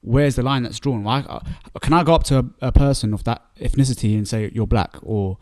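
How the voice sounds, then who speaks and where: A man's voice: mid-range voice, fairly quick, darkish tone, dry recording. A young man, co-hosting a casual chat and talking points through with questions. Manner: talks things through, asks questions, often adds "you know what I mean". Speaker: podcast co-host.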